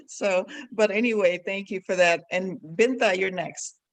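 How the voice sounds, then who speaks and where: High-voiced man with heavy accent. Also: unhurried, fairly bright tone, dry recording. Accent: heavy non-native English.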